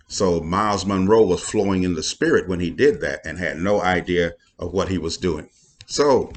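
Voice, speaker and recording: A middle-aged man, a pastor talking casually to viewers in a folksy, preachy way with playful asides. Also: low-pitched.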